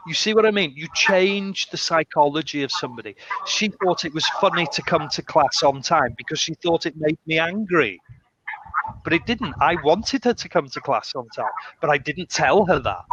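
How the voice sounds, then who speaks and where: A man's voice: on the high side, dry recording. A man, an English teacher, telling stories in a casual conversation and acting out the voices in his quotes. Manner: animated, acts out quotes with shifting voices. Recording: muffled lo-fi sound with faint noise.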